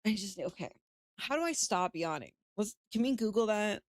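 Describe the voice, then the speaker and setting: A woman's voice: medium pitch, expressive, moderate pace, no room sound, clean studio sound. A sleepy woman streaming from home, chatting casually, swearing freely and laughing often. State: sleepy, yawning. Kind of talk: casual chat.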